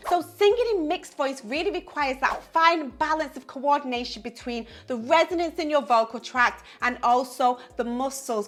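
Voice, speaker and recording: A woman's voice: sits high, fairly bright tone. A woman vocal coach giving an upbeat singing lesson to camera, explaining with the odd "you know" and "um".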